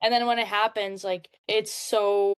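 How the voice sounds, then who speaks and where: A woman's voice: medium pitch, flat delivery, a little slow, clean tone. A young woman, a hockey player talking earnestly as an interview guest, at times searching for words. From Czech Republic. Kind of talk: casual interview.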